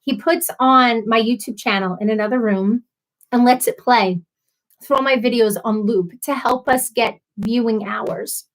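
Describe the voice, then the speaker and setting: A woman's voice: a little high, measured pace, poor audio. A young woman hosting a casual live stream, chatting with viewers in a bubbly, rambling way with many fillers. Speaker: livestream host. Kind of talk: casual livestream chat with viewers.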